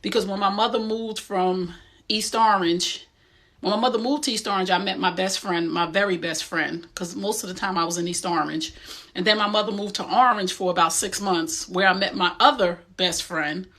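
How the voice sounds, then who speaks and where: Bright-voiced New woman, emphatic. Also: mid-range voice, normal speed. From Essex County, New Jersey. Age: middle-aged. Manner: direct and emphatic, streetwise. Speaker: host. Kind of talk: motivational talk.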